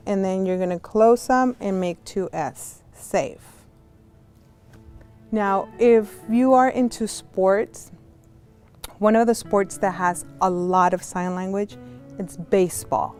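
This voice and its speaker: A woman teaching a virtual class as a sign language interpreter, slow and clear, going through letters one by one and explaining with friendly examples and asides. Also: medium pitch, warm tone, faint music behind. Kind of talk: casual instructional talk. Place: home, on a video call. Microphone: video call.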